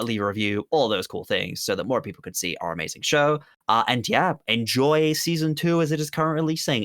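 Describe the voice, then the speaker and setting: Rambling, upbeat man, smooth voice. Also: mid-range voice, fairly bright tone, no room sound, studio quality. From United Kingdom. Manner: rambling, upbeat, self-mocking. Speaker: tabletop game player plugging his projects. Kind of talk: casual end-of-stream chat.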